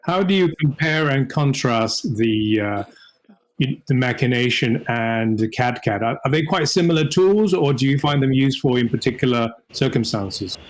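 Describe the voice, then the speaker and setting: A man's voice: medium pitch, lively intonation, normal speed. A man moderating a video call session, asking a question hesitantly and restarting it.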